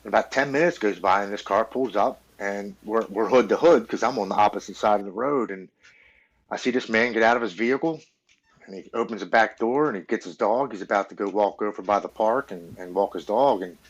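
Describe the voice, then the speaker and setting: Fairly quick and husky, this lowish male voice comes through lo-fi sound. He's a podcast guest in his forties recounting his own recovery, earnest yet blunt, casually swearing and stammering on repeated words.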